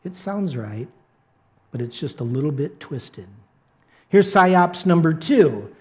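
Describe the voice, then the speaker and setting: A man's voice: fairly high pitch, sing-song, slow, a little mellow. A male pastor giving a conversational sermon who often asks his listeners "right?". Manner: conversational, repeats catchphrases, asks the congregation "right?".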